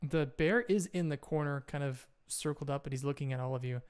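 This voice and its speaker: A man's voice: on the high side, fairly quick, smooth. A man narrating a tabletop game as game master in an easygoing, descriptive way.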